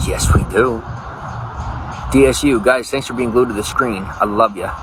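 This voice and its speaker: A man's voice: mid-range voice, moderate pace, music in the background. A man live-streaming, chatting casually and rambling, greeting viewers by name. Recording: noisy background.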